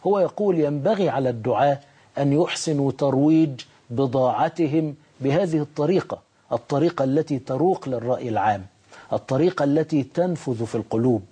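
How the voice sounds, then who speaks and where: Fast husky male talk show host. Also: medium pitch, mellow. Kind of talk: summarizing for viewers.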